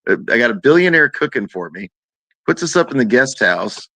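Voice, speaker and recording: A man's voice: fairly quick, no room sound. A man telling a long story in a casual chat, acting out quoted people in a raised voice. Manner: animated, acts out quoted voices in a higher pitch.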